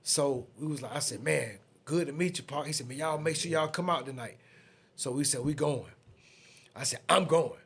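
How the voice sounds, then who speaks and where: A man in his fifties with a Southern US accent, a podcast guest telling a story in a casual, lively way and acting out the other people in it. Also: medium pitch, moderate pace, husky. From Atlanta, USA.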